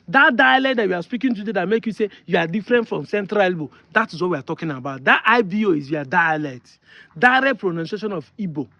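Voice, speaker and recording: A man's voice: sits high, bright, forceful tone, no echo, muffled recording. A Nigerian man from Delta State giving an emphatic opinion monologue, insisting on his points and repeating them. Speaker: online commentator.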